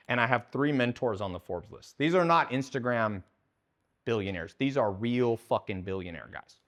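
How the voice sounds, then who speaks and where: A man giving a live talk to an audience, blunt and heavily profane, putting questions to the crowd and acting out the people in his stories. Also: medium pitch. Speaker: speaker at a business seminar.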